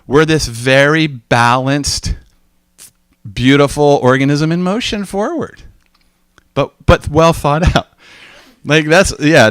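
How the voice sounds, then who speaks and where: A man's voice: medium pitch, fairly bright tone, no echo. A man giving an informal teaching talk, telling stories and acting out the voices of people he quotes. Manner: conversational, storytelling, acts out quoted voices.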